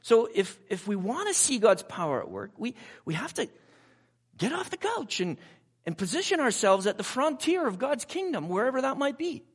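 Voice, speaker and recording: High, lively-voiced male preacher. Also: moderate pace, husky. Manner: asks the audience rhetorical questions; conversational, personal asides. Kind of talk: sermon.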